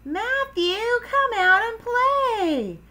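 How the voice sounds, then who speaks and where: A woman voicing an impatient, whiny young boy frog in a high, childish storybook read-aloud voice. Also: expressive, takes it slowly.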